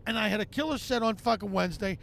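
A male comedian guest on a podcast, telling animated, profane anecdotes and acting out other people's lines. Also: high voice, fast, gravelly. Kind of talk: podcast storytelling.

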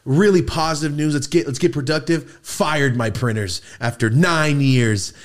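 A young man co-hosting a casual podcast, ranting in an animated way and swearing freely. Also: a little high, normal speed. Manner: animated ranting, swearing, jumps into shouted impressions. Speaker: podcast co-host.

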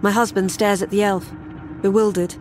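A woman's voice: medium pitch, level tone, normal speed, a little mellow, slight background noise. A woman narrating a first-person horror story in a wry, sardonic way.

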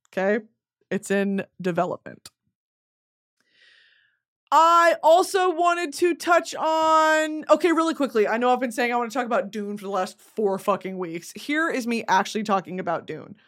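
A young woman hosting a podcast, mid-pitched and conversational. She drifts off on tangents, swears casually and keeps the talk loose and chatty. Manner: rambling, tangent-prone, swears freely. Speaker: podcast host.

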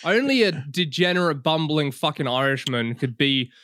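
Joking bright-voiced male co-host. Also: a little high, animated, normal speed, dry recording, clean studio sound. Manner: joking, playful banter. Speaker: podcast co-host. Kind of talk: casual podcast chat.

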